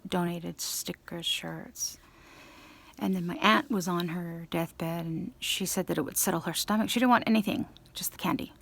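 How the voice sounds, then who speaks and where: A woman telling a long personal story in a rambling, animated way, acting out the people she quotes. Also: on the low side, moderate pace, creaky. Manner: restarts and trailing asides. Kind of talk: casual storytelling monologue.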